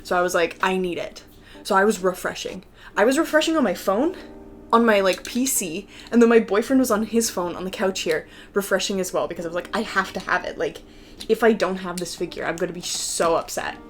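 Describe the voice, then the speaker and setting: A young woman chatting excitedly at home as she unboxes collectible figures, with lots of "like" in her talk. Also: mid-range voice, brisk. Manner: excitable and chatty, heavy use of "like". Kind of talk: casual unboxing chat. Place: home room with a PC.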